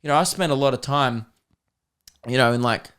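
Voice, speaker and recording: An Australian man hosts a comedy podcast and tells rambling stories. He talks in a casual, animated way at an ordinary male pitch. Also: normal speed, smooth. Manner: rambling, animated, slips into voices.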